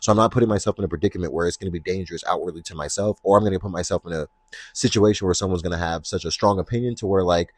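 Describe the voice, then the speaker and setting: A sassy, expressive young man with a deep voice speaks sitting close to the mic in a dead, dry room. He hosts his own podcast and talks casually, ranging between candid reflection and playful attitude. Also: rapid-fire, dry recording. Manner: sassy, expressive, slips into playful put-on voices when retelling scenes. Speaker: podcast host. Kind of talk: casual solo podcast talk.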